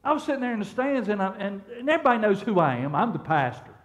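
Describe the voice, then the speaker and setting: High-voiced pastor preaching. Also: male voice, big pitch swings, quick pace. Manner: conversational, repeats words and restarts, asks the congregation questions. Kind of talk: sermon. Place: church sanctuary.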